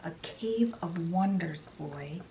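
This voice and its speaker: A woman voicing a creepy, scheming old male prisoner in a low, hushed, sinister voice. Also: takes it slowly, creaky, lo-fi sound, slight background noise.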